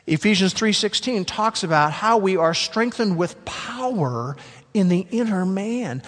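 A man preaching a sermon as pastor, emphatic, slowing down to stress key words. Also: high voice, animated, a bit bright. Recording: long hall reverb.

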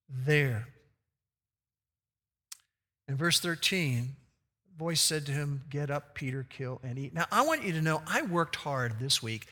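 A male pastor preaching a sermon in a large hall with a long, ringing reverb. His voice is high-pitched and piercingly bright, and he acts out the quoted lines with big leaps in pitch.

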